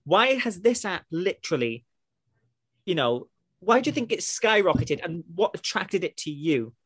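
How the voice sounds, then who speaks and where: Brief: male podcast host, chatty, rambling, very animated intonation. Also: high-pitched, moderate pace, breathy edge. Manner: rambling, filler-heavy, enthusiastic. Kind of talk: casual podcast interview.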